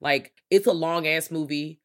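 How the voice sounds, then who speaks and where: A woman's voice: low-pitched, moderate pace. A woman co-hosting a podcast, casually breaking down a movie and acting out its characters. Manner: laid-back, profane, acts out characters. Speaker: podcast co-host. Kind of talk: casual movie review chat.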